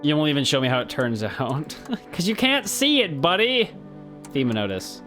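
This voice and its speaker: Loud, exasperated gaming man. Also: on the high side, sing-song, moderate pace, soft background music. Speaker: gaming youtuber. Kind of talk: let's play commentary.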